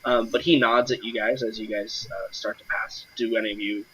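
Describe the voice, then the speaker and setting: A man narrating a tabletop game as game master, halting, with many fillers. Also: lowish voice, level tone, fairly bright tone, slight background noise, rough recording.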